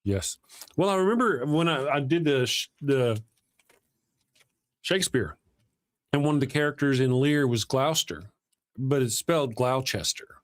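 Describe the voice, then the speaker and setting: A man's voice: medium pitch, expressive, normal speed, pauses often. A man from Texas, co-hosting a casual live stream, joking and reading the chat aloud. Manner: joking, drawling asides, reads chat aloud. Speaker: co-host.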